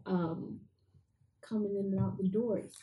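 A woman's voice: mid-range voice, steady tone, unhurried, dark tone, echoey room, low-quality recording. A woman from England, chatting casually as a podcast co-host, diplomatic and a bit hesitant. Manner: diplomatic, hesitant, easily laughing. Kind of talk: casual chat.

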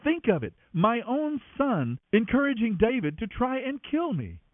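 A man reading aloud and voicing an angry, suspicious king who shouts accusations at his men. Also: extremely high pitch, sing-song, unhurried, no echo, voice pushed up, heavily acted. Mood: accusing. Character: furious suspicious male king. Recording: tinny narrow-band radio, dry.

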